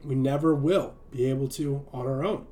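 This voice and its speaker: A man's voice: medium pitch, fairly even intonation, normal speed, mellow, a little hiss or hum. A man giving an earnest sermon on a livestream and often checking in with the listener by asking "right?". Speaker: streaming preacher.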